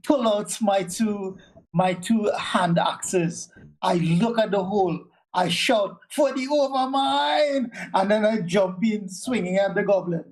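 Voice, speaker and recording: A tabletop game player describes their moves in a casual, halting way, often stumbling over repeated words. The voice sits at a middle pitch. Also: fairly even intonation, a little mellow, a little hiss or hum, rough recording.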